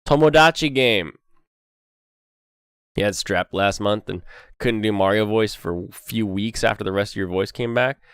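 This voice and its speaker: A man's voice: on the low side, normal speed, long pauses, fairly bright tone, clear, resonant tone, no echo, clean studio sound. A young man hosting a casual anime chat while sick, rambling with many fillers and frequent laughs. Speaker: host.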